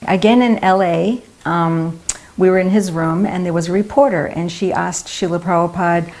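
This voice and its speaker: An older woman telling lively, amused stories from her time as a devotee, with laughter in her voice. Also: lowish voice, normal speed. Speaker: devotee sharing memories. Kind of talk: anecdotal storytelling.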